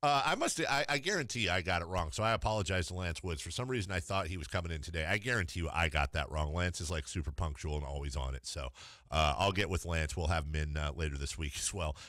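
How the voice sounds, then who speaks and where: Radio sports host, male, lower voice, bright tone, joking and self-deprecating, dry studio mic. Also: no room sound. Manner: joking, self-mocking, quick laughs. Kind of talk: casual studio banter. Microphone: studio microphone.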